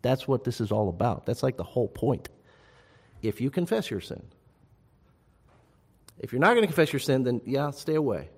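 A man preaching a sermon as pastor, rising to loud urgent appeals and dropping to soft, hushed reassurance. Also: medium pitch, big pitch swings, moderate pace, long pauses, breathy edge, in a large hall.

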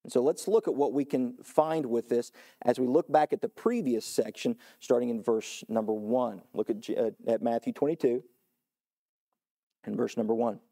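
Earnest pastor with a mellow voice. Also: male voice, normal speed, vocal fry. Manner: earnest, rising to emphatic peaks then dropping low; repeats and restarts words. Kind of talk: sermon.

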